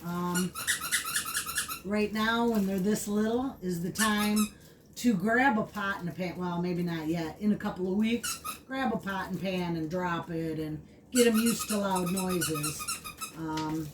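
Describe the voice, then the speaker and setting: A woman explaining puppy training in a casual, chatty way, full of fillers, switching to high baby talk for the dog. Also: measured pace. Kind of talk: casual vlog narration. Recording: distant mic with clear background noise.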